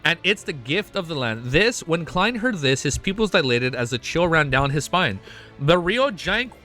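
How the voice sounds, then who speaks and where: Excitable swearing streamer reading a novel. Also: male voice, on the high side, moderate pace, faint music behind. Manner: excitable, swears often, breaks off into loud reactions. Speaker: streamer reacting to a web novel. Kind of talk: reading a novel aloud with live reactions.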